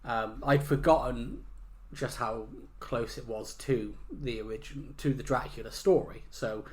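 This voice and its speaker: A man's voice: medium pitch, measured pace. Easygoing male podcast co-host. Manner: easygoing, agreeable, short backchannels. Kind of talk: casual film review chat.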